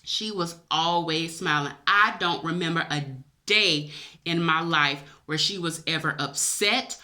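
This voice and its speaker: A woman's voice: low-pitched, measured pace, pushed and bright. A woman vlogger, emotional and chatty, tells viewers a personal dream story, teary-eyed and calling them y'all.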